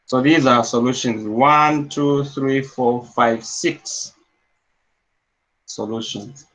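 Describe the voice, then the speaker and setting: During a classroom maths lecture, a man speaks slowly with a mid-range, fairly bright voice and fairly even intonation. He spells out each step aloud and asks "yes?" to make sure students understand. The recording is dull and lo-fi.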